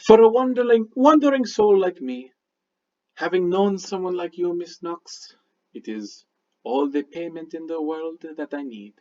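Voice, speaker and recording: A man's voice: high-pitched, expressive, a little slow, mellow. A man playing a sly, silky wizard. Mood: flattering. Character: smooth mysterious male wizard, flattering and sly. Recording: dull lo-fi sound.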